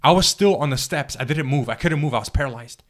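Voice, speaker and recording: A man recounting a personal spiritual experience in an interview, speaking earnestly and haltingly, with frequent restarts and fillers. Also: mid-range voice. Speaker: guest telling his testimony.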